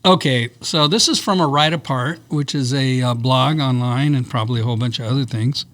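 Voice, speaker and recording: A man's voice: mid-range voice, fairly quick, fairly bright tone. A middle-aged man co-hosting a casual podcast, reading out news items with laughs and stumbles.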